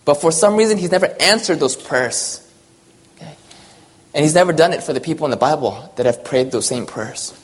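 A man preaching with a fairly high voice, earnest and direct. He repeats his key lines for weight and goes soft and slow whenever he reads a verse or a poem. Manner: earnest, repeats phrases, drops soft for scripture and poems. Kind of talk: sermon.

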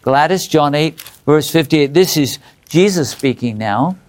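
A fairly high-voiced man leads a group Bible study. He keeps asking the group questions and often restarts his sentences in animated bursts. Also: a little slow.

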